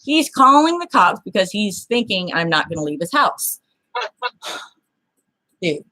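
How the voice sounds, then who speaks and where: A woman tells a personal story in casual chat, blunt and freely swearing, animatedly acting out the people she quotes. Her voice is medium-pitched and her pace slow.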